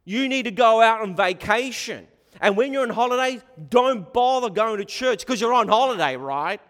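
A preacher voicing a smooth, flattering male tempter who coaxes a listener, heard with long hall reverb. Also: very high-pitched, normal speed, pitched above the performer's own voice. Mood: coaxing. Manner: coaxing, flattering.

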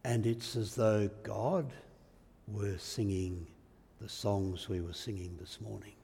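A man's voice: lowish voice, steady tone, slow, vocal fry, warm tone, slight background noise. A male preacher giving a sermon in a church, reflective in manner and asking the listeners rhetorical tag questions. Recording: echoey hall reverb.

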